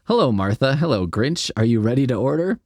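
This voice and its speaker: A man's voice: medium pitch, big pitch swings, a little fast, a little mellow, no echo, studio quality, pitched above the performer's own voice. A man voicing a chirpy, polite waitress in a perky service voice.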